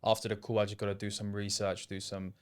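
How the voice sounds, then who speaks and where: A man's voice: on the low side, flat delivery, fast, clear, resonant tone. A young man from England, a former apprentice, answering interview questions casually and hesitantly, often trailing off and restarting. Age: young adult. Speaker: interview guest, sales setter.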